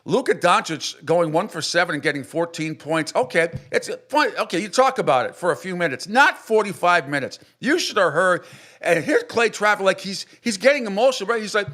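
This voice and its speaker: Sports radio host, male, brash and animated, slightly high voice, prone to shrill mocking impressions. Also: fairly quick. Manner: animated, mocks others in high exaggerated voices. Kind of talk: opinionated sports radio rant.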